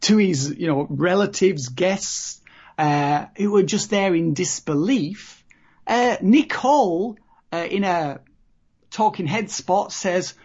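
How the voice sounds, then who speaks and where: A woman talks in a husky, slightly breathy voice, chatting loosely and rambling with lots of "you know"s. Her recording is dull and lo-fi. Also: mid-range voice, lively intonation, takes it slowly, a little mellow. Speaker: podcast co-host. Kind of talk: casual chat about reality TV. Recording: dull lo-fi podcast audio.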